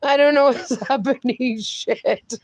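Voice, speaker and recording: A woman's voice: sits high, a little slow, dry recording. A woman hosting a casual livestream from home, reading viewer comments aloud while caught in a laughing fit, breathless and giggling helplessly. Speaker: livestream host.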